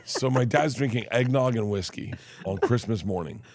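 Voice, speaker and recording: A guest storyteller, a man with a medium-pitched, animated voice, tells outrageous personal stories at a moderate pace with comic timing. He breaks into loud, laughing impressions of the people in each tale. The recording is dry and close, with no echo.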